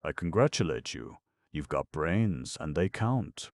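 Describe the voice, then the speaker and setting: Proper old aunt in an audiobook, read by a man, low gravelly voice, measured. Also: big pitch swings, dry recording, clean studio sound, exaggerated voice. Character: proper older Boston aunt. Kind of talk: audiobook narration.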